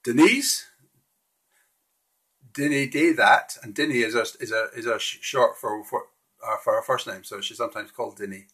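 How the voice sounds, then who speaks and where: Male live-streamer, husky mid-pitched voice, friendly and halting delivery. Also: bright, forceful tone. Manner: friendly, hesitant, frequent restarts. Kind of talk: casual live-stream walkthrough of slides.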